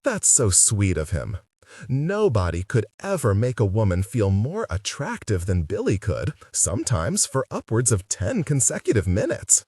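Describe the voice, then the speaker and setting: A man voicing a gushing, theatrical older actress, pitching his voice up high. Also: huge pitch swings, moderate pace, darkish tone, husky, no echo, exaggerated voice. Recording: dry sound, distant mic.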